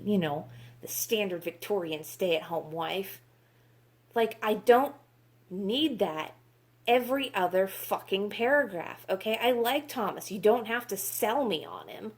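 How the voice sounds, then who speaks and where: A woman reviewing books in a casual vlog, exasperated, sarcastic and swearing freely. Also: mid-range voice. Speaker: book reviewer.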